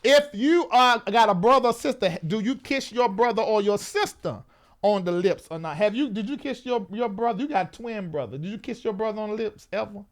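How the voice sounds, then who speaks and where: A man's voice: sits high, brisk. Chatty man hosting a talk show. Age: 40s. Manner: animated, chatty, repeats himself. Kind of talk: live talk show monologue.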